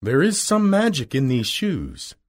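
A man voicing a kind little old woman, a gentle witch, speaking slowly and soothingly in a storybook reading. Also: medium pitch, huge pitch swings, voice pushed up. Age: over 60.

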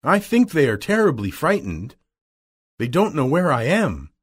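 A man voicing a young lost girl in a storybook reading, speaking high and earnest with a husky edge. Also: wildly swooping pitch, measured pace, heavily acted. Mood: pleading.

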